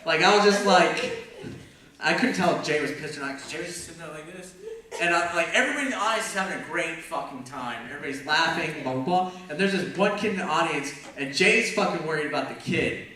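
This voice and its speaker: A man's voice: fairly high pitch, animated, fast, pushed and bright, slight background noise. Profane man in an echoey hall. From Texas. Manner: profane, laughing often. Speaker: convention panel host. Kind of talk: casual storytelling on a panel. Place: convention hall before an audience. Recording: echoey hall, mic far off, crowd.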